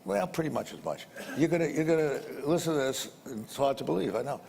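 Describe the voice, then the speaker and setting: Creaky and darkish, his expressive voice sits on the high side and moves a little fast. The older man rambles bluntly through a business story, repeating himself and swearing a bit, in a reverberant room with faint background noise.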